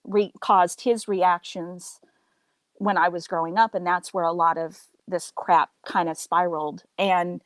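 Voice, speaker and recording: A woman's voice: on the low side, measured pace, no echo, poor audio. A middle-aged woman in casual chat, telling a story animatedly and acting out the voices of others. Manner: animated storyteller, acts out quoted voices, laughs often.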